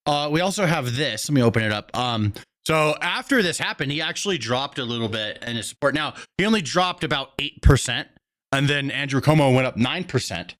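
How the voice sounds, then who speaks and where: A man's voice: medium pitch, animated, brisk, a bit bright. A man hosting a reaction stream, giving blunt, profane running commentary.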